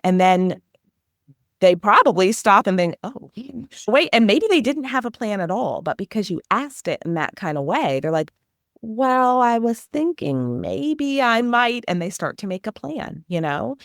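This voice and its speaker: A woman's voice: on the low side, lively intonation, normal speed, no echo, studio quality. A woman answering interview questions as an education consultant, talking earnestly and animatedly, often acting out the questions a teacher might ask.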